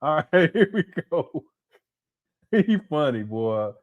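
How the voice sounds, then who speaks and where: A man's voice: on the high side, very animated, slow, phone-quality sound. A man hosting a casual commentary video, laughing and making mocking asides. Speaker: commentary host.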